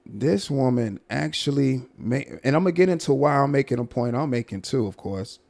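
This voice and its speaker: A man hosting a casual livestream commentary, talking to his viewers in a drawn-out, repetitive, emphatic way. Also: medium pitch, expressive, creaky, darkish tone.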